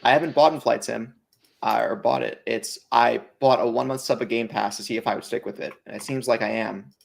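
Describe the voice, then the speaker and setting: A man's voice: medium pitch, steady tone, fairly quick, vocal fry. A man co-hosting a casual podcast, teasing and joking with his co-hosts. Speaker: podcast co-host.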